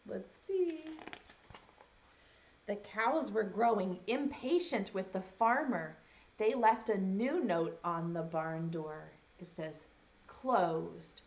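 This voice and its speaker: Unhurried woman teacher reading to preschoolers. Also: fairly high pitch, dull audio. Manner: gentle, asks children questions as she reads. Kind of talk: reading a picture book aloud to children. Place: home video lesson.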